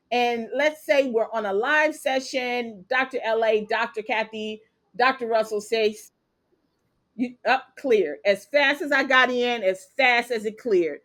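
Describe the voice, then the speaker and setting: A woman teaching a live online trading class, walking viewers through steps and checking in with "okay?" and "capiche?" as she goes. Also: on the high side. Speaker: trading instructor.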